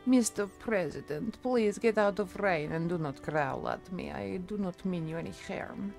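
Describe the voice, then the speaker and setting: A woman's voice: on the low side, normal speed, gravelly, darkish tone, faint music behind. A woman streamer putting on a thick fake Russian accent, dropping articles in her game chatter. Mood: mock-serious. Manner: broken grammar, dropped articles.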